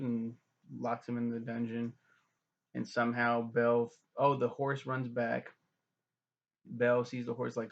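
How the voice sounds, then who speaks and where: A man giving a rambling, profane casual movie recap, slipping into quick voices for the characters. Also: mid-range voice, monotone, vocal fry, a bit bright, dull audio. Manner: loose, profane, mimics characters in quick asides. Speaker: film reviewer.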